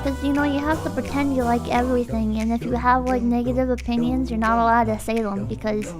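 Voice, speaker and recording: A woman's voice: a little high, steady tone, a little fast, music in the background. A young woman streamer chatting casually and ranting, swearing and mock-quoting people. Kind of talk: casual livestream chat.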